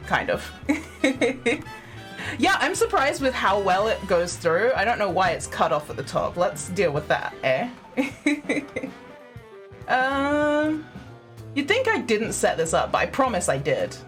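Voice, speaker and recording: A woman's voice: mid-range voice, big pitch swings, takes it slowly, long pauses, a bit bright, soft background music. Giggly young woman streaming a game. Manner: giggly, chatty, self-deprecating. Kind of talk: casual live-stream chat.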